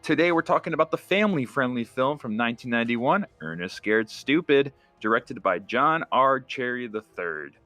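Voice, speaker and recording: A man's voice: mid-range voice, moderate pace, hardly any pauses, no echo, soft background music. A young man co-hosting a casual podcast, talking with enthusiasm and slipping into quoted voices. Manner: enthusiastic, animated quoting in put-on voices. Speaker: podcast co-host.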